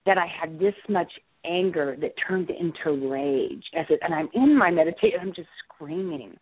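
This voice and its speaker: A woman's voice: lowish voice, lively intonation, normal speed. A middle-aged woman, an author, telling a personal story in a casual interview and acting out her own reactions as she goes. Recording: dry, tinny phone line.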